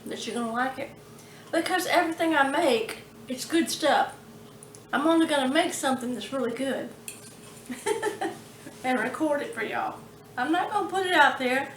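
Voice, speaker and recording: A woman's voice: sits high, echoey room, a little hiss or hum. A woman hosting a home cooking vlog, chatting in a homey, chatty way with frequent laughs. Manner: warm, chatty, slow and homey, laughs often. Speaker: cooking channel host. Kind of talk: casual cooking vlog chat. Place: home kitchen.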